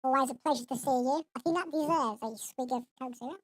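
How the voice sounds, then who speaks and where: Baby voice changer, very high and chatty. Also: male voice, fast, no echo. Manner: friendly stream chat. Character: squeaky baby voice. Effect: baby voice changer filter.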